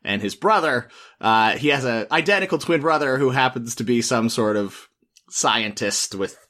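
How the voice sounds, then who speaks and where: A man's voice: mid-range voice, expressive, moderate pace, fairly bright tone. A man co-hosting a casual film-review podcast, recapping the plot with many fillers and laughs. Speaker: podcast co-host.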